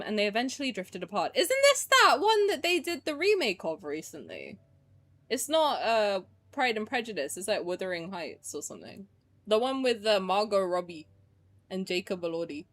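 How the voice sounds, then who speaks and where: A woman's voice: on the high side, fairly bright tone. Chatty, swearing young woman streamer. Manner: chatty, sarcastic, swears freely. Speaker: game streamer. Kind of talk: casual gameplay commentary.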